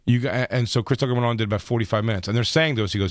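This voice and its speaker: Fast-talking male comedian, dry studio sound. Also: medium pitch, no room sound. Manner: rapid storytelling with lively acted quotes. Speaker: stand-up comedian guest. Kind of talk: casual radio interview chat. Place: radio studio.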